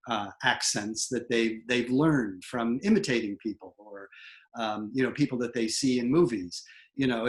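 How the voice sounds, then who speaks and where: A man who is a theatre professor and dialect coach, giving an online lecture on a video call with animated, emphatic delivery. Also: medium pitch.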